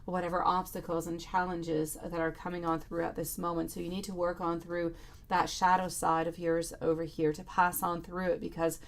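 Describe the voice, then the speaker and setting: A woman's voice: on the low side, little pitch movement, moderate pace. A woman giving a live tarot reading and answering viewers in chat, affectionate, calling them sweetie and lovely. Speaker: tarot reader.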